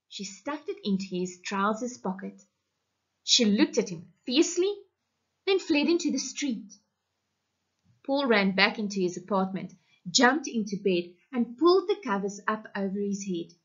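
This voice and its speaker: A woman teacher from South Africa, reading a story aloud to her class in an online lesson with deliberate, expressive storytelling. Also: medium pitch, breathy edge. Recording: muffled lo-fi recording.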